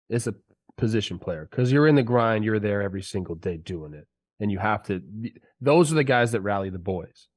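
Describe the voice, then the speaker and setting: A man co-hosting a sports podcast, a former player talking casually and ranting with heat while sick with a cold. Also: medium pitch. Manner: fired-up, ranting, drawn-out "dude" and "bro". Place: podcast studio.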